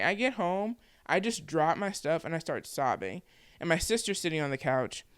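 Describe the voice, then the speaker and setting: A woman in her twenties who vlogs and podcasts speaks to the camera about her own story, candid, conversational, and heavy on "like". Her low, clean-toned voice is captured in clean studio sound without echo.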